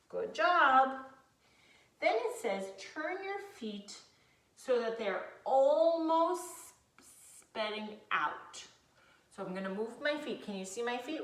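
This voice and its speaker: A woman's voice: a little high, fairly bright tone. A woman teacher leading young children through a movement lesson, encouraging and sing-song. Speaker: preschool teacher. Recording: echoey room.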